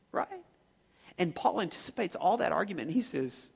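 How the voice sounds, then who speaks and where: A man preaching with an animated, bright, forceful delivery. His voice sits high and swings widely in pitch, and he shouts some words and drags others out slowly. The sound carries the long reverb of a large hall. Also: vocal fry, slightly rough. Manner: animated, shouts for emphasis, slows to stress words. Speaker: pastor. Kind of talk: sermon.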